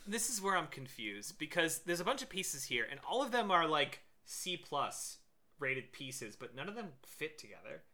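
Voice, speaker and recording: A man's voice: a little high, very animated, moderate pace, bright, forceful tone. A man co-hosting a podcast, rambling in casual chat while reviewing a film, with many fillers. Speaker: podcast co-host.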